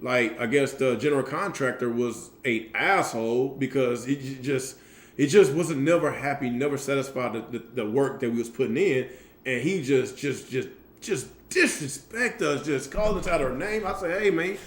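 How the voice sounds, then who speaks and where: A man's voice: mid-range voice, normal speed. A man co-hosting a casual podcast, rambling through loose, profane stories. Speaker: podcast co-host. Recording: roomy echoey mic.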